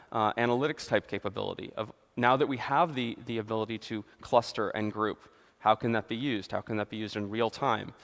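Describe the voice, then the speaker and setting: A man's voice: lowish voice, creaky. A man giving a conference presentation on stage, speaking fluently with frequent fillers and restarts. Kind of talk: conference keynote talk. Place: large conference hall. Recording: long hall reverb.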